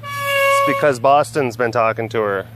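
A man's voice: medium pitch, huge pitch swings, moderate pace, over loud music. A man talking casually and playfully while filming, cooing baby talk at big cats and narrating outdoors. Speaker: vlogger at a big cat sanctuary. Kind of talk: casual chat to animals and camera. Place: outdoors at animal enclosures.

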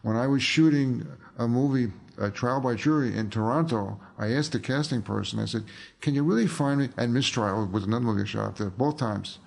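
A man's voice: mid-range voice, brisk, vocal fry, darkish tone. An older man, an author and filmmaker, telling rambling anecdotes in a casual interview, full of fillers and restarts.

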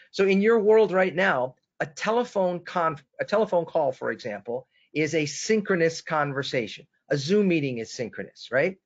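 A man from Boston presenting a sales webinar, telling a story with enthusiasm and turning to his co-host by name. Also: a little high. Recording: dull lo-fi webinar audio.

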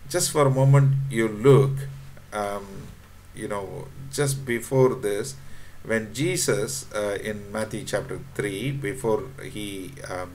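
Man preaching a halting sermon. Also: fairly low pitch, a little mellow, slight background noise. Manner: halting, repeats words, frequent fillers, quotes scripture; addresses congregation directly.

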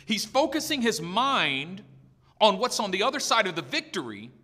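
A man's voice: high voice, big pitch swings, moderate pace, sharp tone, long reverb tail. A male pastor preaching an emphatic, storytelling sermon with lots of repetition in a church.

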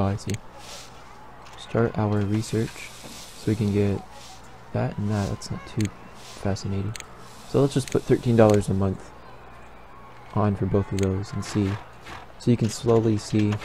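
A man's voice: fairly low pitch, dark tone, a little hiss or hum. A young man giving casual let's-play commentary, rambling and thinking aloud as he builds. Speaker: gaming YouTuber.

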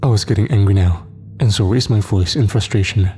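A man tells a first-person horror story in a steady, measured voice. His tone is low and mellow, and faint music plays underneath. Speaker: narrator. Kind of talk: scripted horror narration.

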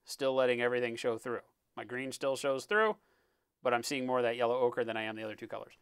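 A man talking through a live-stream painting tutorial in a relaxed, explanatory way, often checking in with "right?" and sometimes muttering as he works. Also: mid-range voice, fast, clean tone, no echo. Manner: muttering while working. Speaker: miniature painting instructor.

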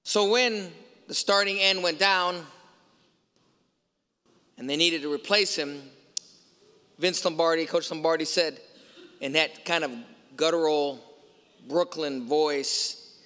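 A man's voice: fairly high pitch, measured pace, pauses often, pushed and bright, clean tone. A man preaching a sermon as a priest, telling a story and asking emphatic rhetorical questions. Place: large church. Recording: long church reverb.

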